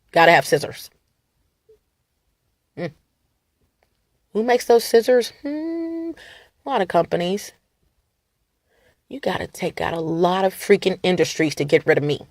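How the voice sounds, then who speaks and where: A woman vlogger rambling to her viewers, animated and defiant, laughing and swinging between loud and soft. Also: on the low side, a little slow, long pauses, no echo, studio quality. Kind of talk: rambling talk to camera.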